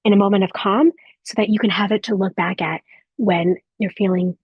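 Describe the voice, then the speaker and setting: Woman speaking to mothers, husky, soft and encouraging, dry close sound. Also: mid-range voice, steady tone, no echo, dull audio. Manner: soft, warm encouraging delivery with reflective pauses. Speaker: host speaking to a live audience of mothers. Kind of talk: gentle motivational talk. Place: room with a live audience.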